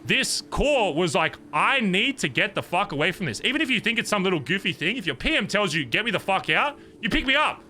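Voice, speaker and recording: Animated, bright-voiced man venting in character. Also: high voice, a little fast, hardly any pauses, a little hiss or hum. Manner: heated, profane venting, animated retelling. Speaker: streamer in character. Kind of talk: in-character roleplay conversation.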